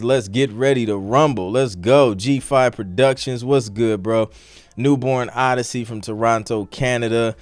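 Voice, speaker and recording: A man with an upbeat, casual manner, hosting a live stream and greeting viewers by name. His voice sits at a middling pitch and is recorded close and dry, with almost no room sound. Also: clean tone, no echo. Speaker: livestream host reviewing music. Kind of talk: casual livestream chat.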